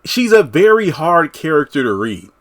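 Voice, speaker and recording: A man's voice: a little high, big pitch swings, normal speed. A man giving a casual, rambling recap of a TV episode, full of "you know" fillers. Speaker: TV episode reviewer.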